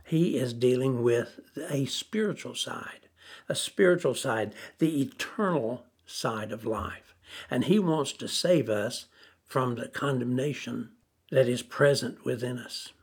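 A man preaching a sermon, slow and deliberate, repeating phrases for emphasis. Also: medium pitch, breathy edge.

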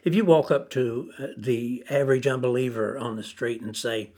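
A man preaching a sermon, slow and deliberate, repeating phrases for emphasis. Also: mid-range voice, fairly even intonation, a little mellow.

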